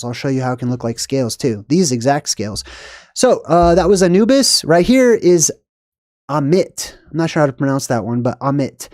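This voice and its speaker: A man's voice: medium pitch, darkish tone, dry recording, clean studio sound. A man hosting a casual live video, reading passages aloud and then commenting on them in a rambling, thinking-aloud way with many fillers. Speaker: host of a live video on symbolism. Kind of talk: casual explanatory livestream talk.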